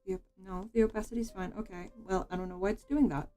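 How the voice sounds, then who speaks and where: A woman streamer talks casually at her desk mic while drawing, her thoughts rambling and full of "like" and restarts. Her pitch sits in the middle range. Soft music plays faintly behind her. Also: steady tone, quick pace.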